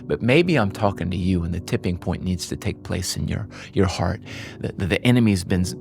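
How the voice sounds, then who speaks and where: A man's voice: sits low, animated, a little fast, creaky. A male pastor preaching a sermon in an impassioned way, often repeating and restarting words. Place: church.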